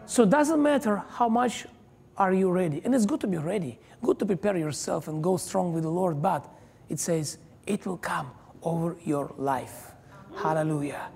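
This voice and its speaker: A man preaching a sermon as a guest pastor, emphatic and halting, with many hallelujahs and non-native phrasing, recorded in a church hall. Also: sits high, vocal fry, darkish tone, a little hiss or hum. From Israel. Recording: long reverb of a large church hall.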